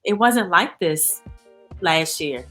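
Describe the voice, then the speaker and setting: A woman speaking as an interview guest in a candid, animated way, full of "you know" and "like". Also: fairly low pitch, slow pace, faint music behind. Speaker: guest, founder of a support organization. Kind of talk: casual interview chat.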